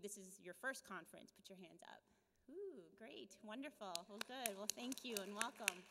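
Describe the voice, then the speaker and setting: A woman's voice: medium pitch, fairly bright tone. A woman hosting a conference on stage, giving upbeat announcements and introducing the next speaker. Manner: upbeat, cheers the crowd on. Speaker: conference host. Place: large conference hall. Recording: long hall reverb.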